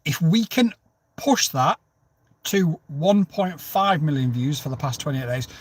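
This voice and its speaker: A man's voice: on the high side, lively intonation, unhurried, breathy edge, no room sound. A man hosting a casual livestream, chatting and joking as he answers viewers' comments. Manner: chatty, jokey, jumps between topics and greets viewers by name. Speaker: livestream host.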